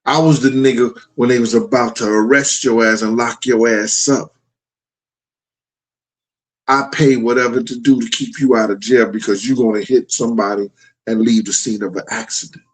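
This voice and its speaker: A middle-aged man with a mid-range voice and fairly even intonation talks at a moderate pace over poor audio. Hosting a livestream, he tells stories to his chat bluntly and with plenty of profanity.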